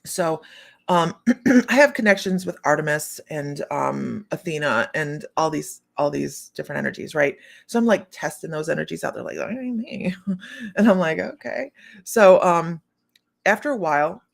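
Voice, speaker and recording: Gravelly-voiced woman rambling on a livestream. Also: low-pitched, normal speed. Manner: rambling storyteller, many restarts and asides to viewers. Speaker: psychic medium hosting a morning livestream. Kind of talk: casual chat.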